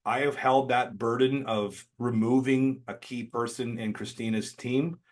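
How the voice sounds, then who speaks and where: A man's voice: mid-range voice, fairly even intonation, measured pace. A man hosting a podcast, telling a story in an emphatic, blunt, self-deprecating way that includes swearing. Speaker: podcast host. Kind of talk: casual storytelling chat.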